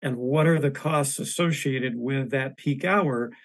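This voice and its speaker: A man with a scratchy, hoarse voice asking halting questions at a public meeting, full of fillers and restarts. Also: medium pitch, no echo. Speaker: board member asking questions.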